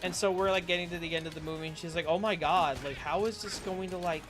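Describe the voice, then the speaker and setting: A man's voice: high voice, steady tone, fast. Profane, rambling young streamer guy. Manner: casual and profane, rambling with many fillers. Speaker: livestream streamer. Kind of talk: casual livestream chat while gaming. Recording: music playing behind the voice. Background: music.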